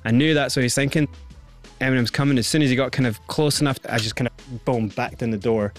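A man's voice: medium pitch, fairly even intonation, fast, faint music behind. A middle-aged Scottish man, an interview guest, tells his story candidly and acts out other people's lines as he goes.

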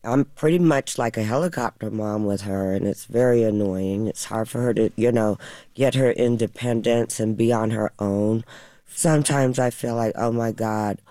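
An older actress with a low, deep voice, talking about her role with laughter and humor. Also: normal speed, warm tone, no room sound. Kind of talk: interview.

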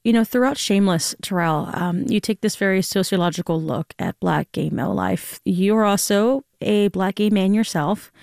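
A woman's voice: mid-range voice, moderate pace, creaky, hardly any pauses, darkish tone, no echo, clean studio sound. A woman hosting a public radio morning show, conversational and friendly, interviewing a guest and reading station announcements. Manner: friendly, conversational, some fillers. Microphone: studio mic, dry.

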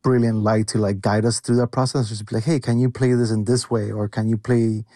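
A man's voice: on the low side, flat delivery, fairly quick, dark tone, no room sound. A young man who calls in to a radio interview, speaking casually and enthusiastically with many fillers. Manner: casual, heavy use of "like", enthusiastic. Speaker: interview guest, producer. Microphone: phone call-in.

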